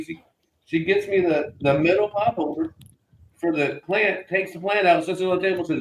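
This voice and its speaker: A middle-aged man spins animated stories on a casual morning show, laughing and acting out the voices of the people in them. His voice sits a bit high, and the room around him rings with echo. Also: a little fast. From Florida. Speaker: co-host. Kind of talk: casual storytelling chat.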